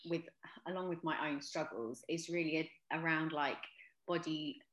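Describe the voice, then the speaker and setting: A woman's voice: deep voice, steady tone, moderate pace, a bit bright, echoey room. A woman speaking as a podcast guest about mental health, earnest and reflective, with frequent ums and restarts. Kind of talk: casual podcast interview.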